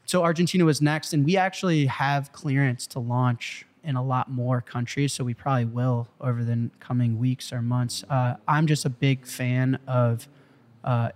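A young man, a startup founder being interviewed, telling a story in an animated way and swearing freely. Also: mid-range voice. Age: young adult. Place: studio in Malibu.

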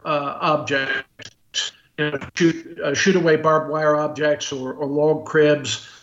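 An American guest expert on a podcast, a man who speaks bluntly and stumbles through restarts and fillers. His voice sits a little high for a man. The sound is roomy and muffled, like a remote call. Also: a bit bright. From United States. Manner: halting, full of restarts and fillers. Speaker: guest expert on military rifles. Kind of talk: podcast interview.

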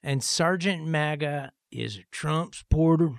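A middle-aged rock musician talks in an animated, profane rush, his voice sitting a little high. The sound is dry and close. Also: measured pace, vocal fry, dry recording. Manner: animated, profane, jumps into loud mock voices. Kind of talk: casual interview talk.

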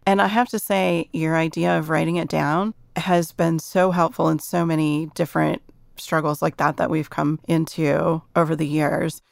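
A woman's voice: low-pitched, level tone, normal speed, gravelly, no room sound, clean studio sound. A middle-aged woman explaining parenting ideas earnestly in a casual chat.

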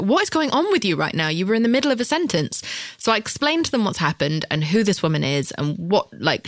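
A woman's voice: low-pitched, a bit bright, no echo. Woman in her thirties, guest actress, blunt and profane, acts out every voice in her anecdotes; dry, close sound. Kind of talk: casual storytelling interview.

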